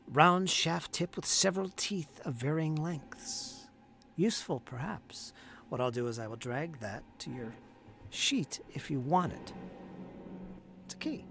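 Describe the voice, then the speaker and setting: A man running a tabletop game as game master, describing scenes slowly and asking the players what they do. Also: a little high, creaky, slight background noise. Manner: slow, descriptive, questioning players.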